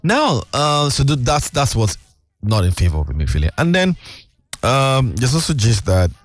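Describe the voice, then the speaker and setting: A man's voice: medium pitch, sing-song, moderate pace, no room sound. A man, a guest explaining financial news at length in casual chat, with many fillers. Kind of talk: casual radio-style chat.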